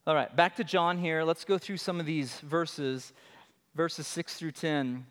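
A man's voice: a little high, fairly even intonation, measured pace, fairly bright tone. A man preaching with a slightly raised voice that rings out through a long hall reverb. He is earnest and emphatic, leaning on repeated phrases to drive a point home. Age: adult with children. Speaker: pastor. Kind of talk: sermon.

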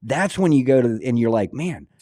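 A man with a mid-pitched voice talks earnestly on a podcast and fills his speech with "you know" and "um." The recording is dry and close. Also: lively intonation, a little fast, mellow, no echo. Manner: earnest, conversational, with filler words. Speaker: podcast co-host. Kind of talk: casual chat.

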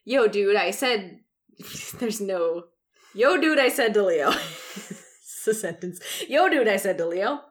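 Young woman cohost, giggly and wry, mid-pitch, reads fan fiction aloud with dry asides. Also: lively intonation, a little slow. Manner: giggly, wry, often breaks off to comment. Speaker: podcast co-host reading fan fiction. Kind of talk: casual chat, reading aloud.

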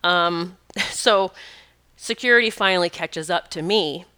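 A woman podcast host tells a personal story, drifting off track and correcting herself as she goes. Her voice is bright and crisp, with a clean, resonant tone. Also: fairly low pitch, a little slow. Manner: rambling, self-correcting, lively retelling.

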